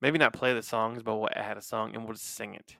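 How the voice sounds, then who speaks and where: A man's voice: lowish voice, steady tone, fairly quick, creaky, bright, forceful tone, dry recording. A man co-hosting a podcast in casual chat, chiming in with short dry interjections and teasing asides. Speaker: podcast co-host.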